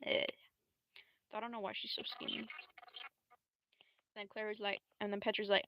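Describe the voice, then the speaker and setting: A young woman livestreams in a bright, sharp tone, rambling through slang and swear words. She breaks into squeaky high voices now and then to quote her characters. The sound is dry and close. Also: little pitch movement, moderate pace, long pauses, no room sound, rough recording. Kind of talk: casual live-stream commentary.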